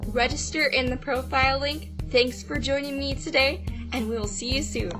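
A woman's voice: high voice, fairly even intonation, normal speed, over music. A woman voice teacher giving an upbeat, enthusiastic podcast lesson on singing.

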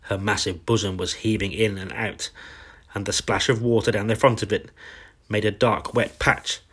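A man reading a bedtime story aloud, slow and tender. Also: lowish voice, fairly even intonation, a bit bright, husky.

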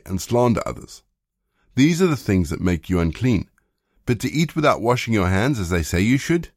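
A man reading the lines of Jesus as a calm, measured male teacher in a plain voice. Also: fairly low pitch, no echo, studio quality.

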